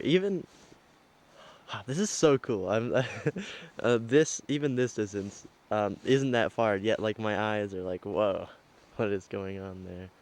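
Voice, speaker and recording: The low-quality recording comes from a handheld camera mic as a lowish-voiced man casually narrates his travel vlog. Outdoors on a trail and a scenic overlook, he rambles and hesitates, leaning on lots of fillers.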